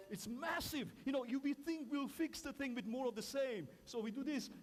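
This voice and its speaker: A man giving a lively conference talk in broken English, emphatic and playful, acting out little asides between violin demonstrations. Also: very high-pitched, moderate pace, few pauses. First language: Slovenian. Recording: echoey hall, violin music between phrases.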